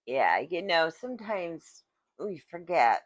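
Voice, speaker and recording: Low, slow-talking woman vlogger. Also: very animated, dry recording, muffled recording. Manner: halting, searching for words. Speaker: vlogger sharing personal story. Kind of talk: casual reflective monologue. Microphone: phone.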